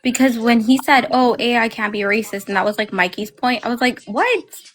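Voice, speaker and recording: Animated woman telling stories. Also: on the high side, brisk. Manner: animated storyteller, slangy, profane. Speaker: panelist. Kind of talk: casual chat.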